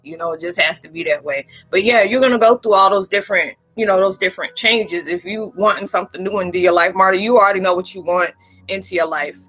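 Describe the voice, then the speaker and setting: A woman hosting a casual spiritual live chat from her room, animated and talkative, often acting out quoted voices and laughing. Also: mid-range voice, fast, faint music behind, low-quality recording.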